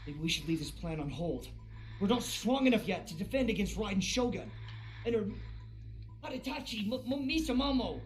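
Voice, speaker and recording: A woman's voice: mid-range voice, lively intonation, brisk, a little mellow, a little hiss or hum. Playful crude woman streaming a game. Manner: playful, crude, theatrical outbursts. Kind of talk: casual live game streaming. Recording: live stream with game music behind. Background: game music.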